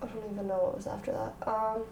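A woman's voice: fairly high pitch, little pitch movement, fast, gravelly, a loud crowd. A young woman in her twenties, a podcast guest talking easily and a bit hesitantly. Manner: easygoing, hesitant, says like a lot. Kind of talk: casual chat. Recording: roomy room, faint noise.

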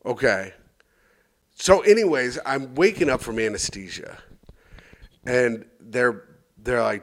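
A man's voice: on the low side, lively intonation, a little slow, long pauses, a bit bright. A man co-hosting a comedy podcast, telling a long rambling anecdote and acting out the voices in it. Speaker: podcast co-host. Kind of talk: crude comedic storytelling.

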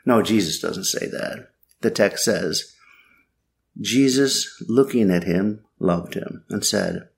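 A man's voice: lowish voice, takes it slowly, creaky. Wry, sardonic male preacher. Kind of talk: sermon.

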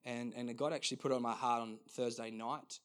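A man's voice: mid-range voice, fairly even intonation, a bit bright. A male pastor preaches in an earnest, conversational way, often restarting his phrases. His voice sits in an ordinary mid range. He speaks with plain sincerity. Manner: earnest, halting, frequent restarts. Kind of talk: sermon.

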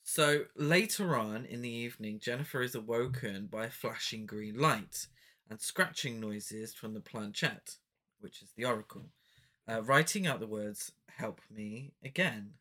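A podcast co-host recapping a film in casual chat, chatty and full of quick questions and asides. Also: mid-range voice, bright, forceful tone.

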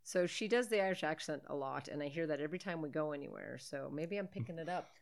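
A woman with a fairly low voice co-hosts a relaxed movie-watching podcast. She recaps scenes with sarcastic jokes and casual swearing. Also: fast, creaky. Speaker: podcast co-host.

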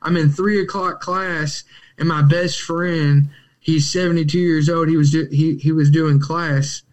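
A young man, his voice pitched a bit higher than most men's. He tells his story in casual, animated conversation, acting out the quotes and laughing often. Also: unhurried. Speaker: podcast guest in recovery.

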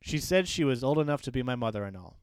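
A man's voice: medium pitch, expressive, quick pace, clear, resonant tone, dry recording, studio quality, natural voice. A man reading as a drunk lonely teenage boy. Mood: wistful. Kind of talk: reading book passages aloud.

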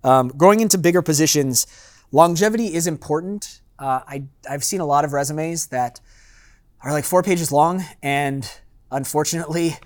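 A man's voice: fairly high pitch, normal speed. A man, a master sommelier, giving a loose, conversational seminar to a live audience and acting out customers' lines. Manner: loose and chatty with fillers and asides.

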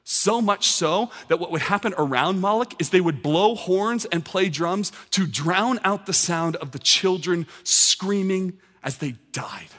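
A man in his thirties preaches in a large hall, his words ringing out with a long echo. His voice sits a touch high for a man. He drives his points home with insistent, repeated phrases. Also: measured pace, hardly any pauses, a bit bright. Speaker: pastor. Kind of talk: sermon.

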